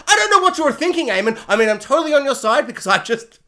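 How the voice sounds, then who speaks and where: A show reviewer in a casual comic rant, animated and sarcastic with lots of fillers. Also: high-pitched, racing.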